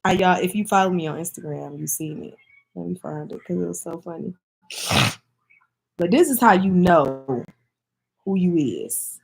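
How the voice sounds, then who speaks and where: A woman's voice: fairly low pitch, normal speed, gravelly, pauses often, a little mellow. A woman from Michigan chatting casually to camera as a vlogger, speaking in an emphatic, heartfelt way and addressing her viewers directly.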